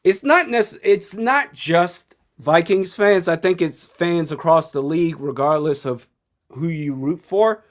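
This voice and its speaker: A man's voice: a little high, unhurried. A young man in his twenties commenting live on a football game, blunt and opinionated, chuckling often. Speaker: sports streamer.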